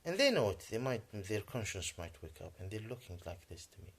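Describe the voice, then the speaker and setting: A native Arabic-speaking man delivering a rambling, agitated monologue in English, halting often and clearing his throat. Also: lowish voice, very animated. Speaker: vlogger.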